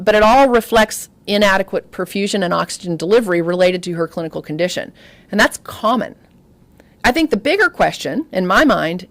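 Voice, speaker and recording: Lively woman giving a medical lecture. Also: mid-range voice, no echo. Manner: lively storytelling with audience asides. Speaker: obstetrics lecturer. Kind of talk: medical grand rounds lecture.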